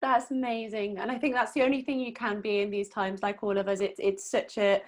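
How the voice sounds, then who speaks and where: A woman's voice: medium pitch, flat delivery. A woman hosting an interview podcast, introducing her guest and asking questions with enthusiasm over a video call. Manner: warm, enthusiastic, asks questions in quick strings.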